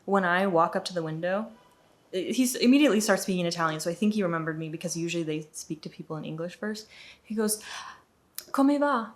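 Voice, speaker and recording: A young woman telling a storytime vlog in an animated, indignant way, acting out the dialogue as she goes. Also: on the low side, fast talker. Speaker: vlogger.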